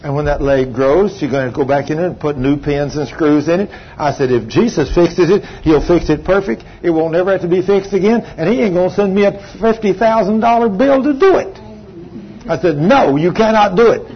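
Older male preacher, high-voiced, emphatic storytelling, slightly muffled recording. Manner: storytelling with emphatic, drawn-out phrases. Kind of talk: sermon testimony. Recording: slightly dull sound, faint background hum.

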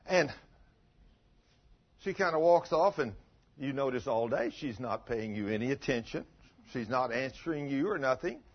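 A middle-aged man preaching a folksy, joking sermon, rambling with frequent restarts. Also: fairly high pitch. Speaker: pastor. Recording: dull lo-fi sermon recording.

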